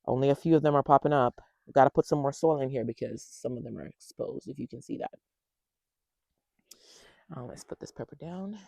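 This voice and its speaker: A man casually walking viewers through his backyard garden, chatting to them directly and thinking out loud as he goes. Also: medium pitch, a little fast, vocal fry, pauses often, dry recording, studio quality. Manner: chatty, talks straight to viewers and thinks aloud. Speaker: home gardener giving a tour. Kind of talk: casual garden tour vlog.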